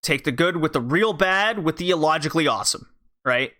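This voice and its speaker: Podcast host, male, fairly high-pitched, casual and blunt, swears freely. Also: animated, fairly quick, bright, forceful tone. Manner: blunt and profane, loose with fillers. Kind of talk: casual wrestling podcast recap.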